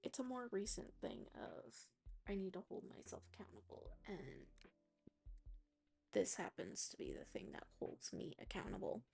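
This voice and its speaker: A woman's voice: medium pitch, huge pitch swings, moderate pace, gravelly, darkish tone, faint music behind. A woman streamer chatting casually while she crochets, rambling and often trailing off into a near-whisper.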